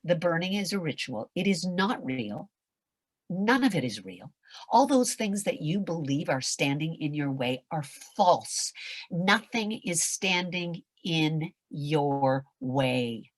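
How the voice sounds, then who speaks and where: An older woman with a raspy, nasal voice, giving a passionate motivational talk as a voice acting coach on a video call, swinging from loud to whispered. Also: deep voice, lively intonation, slow, no echo.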